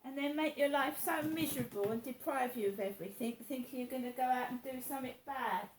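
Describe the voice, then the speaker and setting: A woman with a high voice talks fast, far from the mic, in a casual vlog rant. She rambles and sounds aggrieved, repeating herself as she complains. The room is echoey with a faint hiss.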